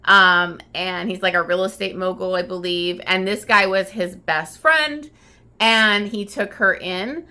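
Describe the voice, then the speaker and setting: Woman, book vlogger, bright tone, mid pitch, casual rambling recap, lots of fillers. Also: measured pace. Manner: chatty, lots of likes and ums. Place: at home getting ready for work.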